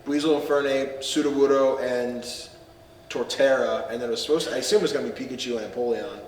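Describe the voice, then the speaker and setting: A man's voice: mid-range voice, steady tone, quick pace, darkish tone, roomy sound, long reverb tail, recorded from a distance, slight background noise. A man hosting a casual podcast, recapping a film with friends, laughing often and acting out lines with some swearing. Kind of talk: casual group chat.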